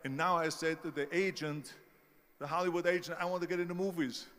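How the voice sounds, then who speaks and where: A man's voice: fairly high pitch, little pitch movement, brisk, fairly bright tone, big-room sound. An older man with a German-speaking Austrian accent, giving an emphatic motivational speech with stories. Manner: storytelling, emphatic, mimics doubters.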